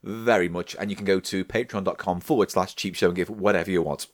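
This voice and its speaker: A man's voice: low voice, fairly even intonation, no room sound, clean studio sound. A man co-hosting a podcast in casual chat, bantering and slipping into silly impressions. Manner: bantering, breaks into quick silly accent impressions. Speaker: podcast co-host.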